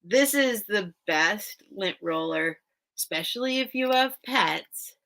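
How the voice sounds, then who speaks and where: This woman's mid-range voice has lively intonation and a bit of brightness, moving at a slow pace on a low-quality recording. She chats casually and emotionally with viewers of her live vintage sale stream while tearful. Her manner is rambling and emotional, addressed directly to viewers, and she's teary.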